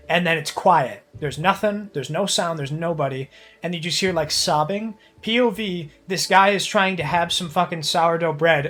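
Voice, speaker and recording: A man's voice: fairly high pitch, a bit bright. A young man streaming live, chatting casually in a rambling, crude way with heavy swearing.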